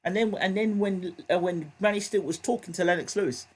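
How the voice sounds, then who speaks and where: A man's voice: high-pitched, a little fast, husky. A man hosting a live boxing reaction stream, talking in an emphatic way and hammering points home through repetition. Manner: emphatic, repeats points heatedly. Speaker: boxing show host.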